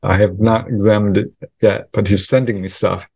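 A man's voice: lowish voice, fairly even intonation, normal speed, darkish tone, husky, dry recording. A man who researches UFOs, answering interview questions by telling a story and acting out the quoted dialogue in it. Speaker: UFO researcher and author.

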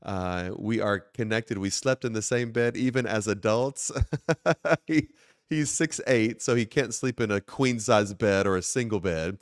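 A man, a bishop, hosting his talk show in an earnest, quick way with many filler words and restarts. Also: on the low side, no room sound, studio quality. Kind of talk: sermon-like talk show monologue.

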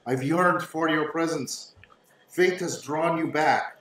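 A man voicing a serene ghost of a young man speaking from a pond, soft, solemn and poetic. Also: on the high side, takes it slowly. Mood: tender. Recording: roomy, distant mic, faint noise.

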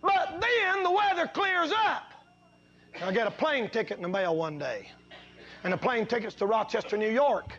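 A high-pitched man with a drawl preaches a folksy sermon. He tells homespun stories, sinks into low, quiet passages, and climbs into loud, drawn-out exhortation. The sound is muffled and lo-fi. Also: sing-song. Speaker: pastor.

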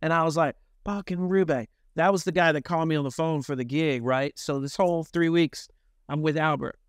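A middle-aged man from Memphis, telling lively, self-mocking and profane stories as a guest musician in an interview. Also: a little high, clear, resonant tone, dry recording, studio quality. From Memphis, Tennessee, US. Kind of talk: candid storytelling in an interview.

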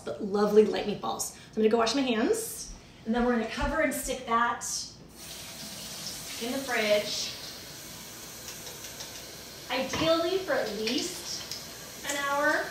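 A chatty woman with a fairly high voice talks viewers through a recipe at home. She is recorded from a little way off, so her voice bounces around the kitchen. Dishes and pans clatter behind her. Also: unhurried, long pauses, noisy background. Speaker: cooking show host. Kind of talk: casual cooking demonstration. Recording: echoey kitchen, mic at a distance, clattering dishes.

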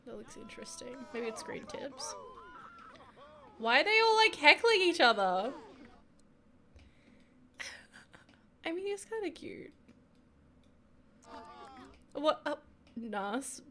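A woman's voice: high voice, very animated, slow pace, long pauses, pushed and bright, slight background noise. A young woman giving chatty, giggly commentary while playing a life-sim game. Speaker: gaming video creator. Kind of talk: casual gameplay commentary.

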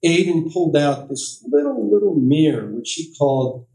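Middle-aged man telling stories to an audience, mellow, roomy. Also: a little high, very animated, normal speed. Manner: anecdotal, self-deprecating, with quoted voices. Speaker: author giving a library talk. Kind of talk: storytelling talk to an audience. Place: library meeting room. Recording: echoey room, distant mic.

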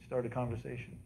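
A man's voice: mid-range voice, creaky, background noise. A pastor preaching a sermon in a church, quizzing his congregation and dramatically repeating the cries of the scripture story. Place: church sanctuary.

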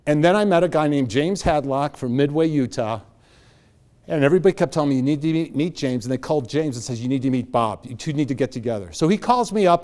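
A middle-aged man, a motivational speaker, giving an energetic, joking talk to a live audience and leading it in exercises. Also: on the high side.

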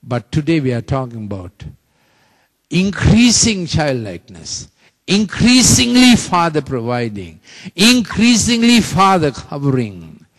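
Slow, animated preacher. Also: male voice, on the high side. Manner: emphatic, repeats phrases for the congregation to echo. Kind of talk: sermon with call-and-response.

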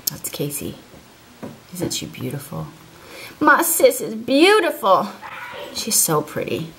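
A woman's voice: medium pitch, big pitch swings, slow, fairly bright tone, a little hiss or hum. A woman in her thirties chatting casually to camera as a family vlogger, rambling and calling viewers "guys". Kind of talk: casual vlog chat to camera.

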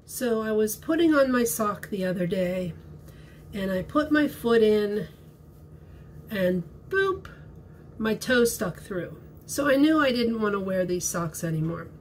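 A woman teacher reading a children's story and explaining a craft, gentle and clear, step by step. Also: mid-range voice, lively intonation, a little slow, slight background noise.

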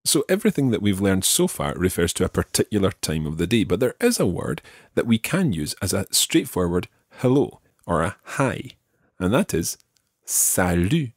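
Male podcast teacher, patient and methodical, lively intonation, dry close mic. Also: low-pitched, normal speed, no echo. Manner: patient, explains step by step and models pronunciation. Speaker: language teacher. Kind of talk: podcast language lesson.

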